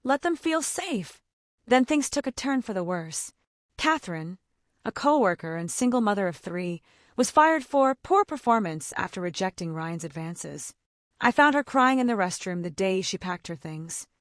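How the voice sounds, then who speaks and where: Woman reading a revenge story out loud, dramatic, dry close sound. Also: medium pitch, animated, moderate pace, no echo. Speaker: narrator. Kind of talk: scripted first-person story narration.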